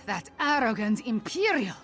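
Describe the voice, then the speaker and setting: A woman's voice: on the high side, big pitch swings, slow, a bit bright, faint music behind, full character voice. An actress voicing a weary, bitter female feline diplomat and spy in a video game, speaking with a rolling, exotic accent. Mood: angry. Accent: exotic rolled-R accent. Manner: bitter, exasperated.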